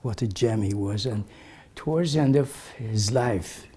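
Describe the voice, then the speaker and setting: Older male elder, slow reminiscing talk, lowish voice, drifts into soft near-whispers. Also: slight background noise. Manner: slow, reflective storyteller, often dropping to a soft, breathy near-whisper. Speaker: community elder sharing memories.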